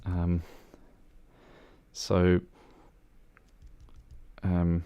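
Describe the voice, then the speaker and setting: A man's voice: low-pitched, fairly even intonation, slow pace, pauses often, a little mellow. A man chatting casually on a game livestream, rambling with many fillers and restarts and joking at his own expense. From New Zealand. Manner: self-deprecating, joking. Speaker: game streamer. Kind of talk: casual livestream chat while driving in a game.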